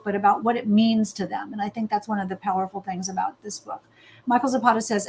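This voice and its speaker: A woman's voice: medium pitch, slight background noise, low-quality recording. A woman hosting a book interview, speaking in an effusive, emphatic way. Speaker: interview host.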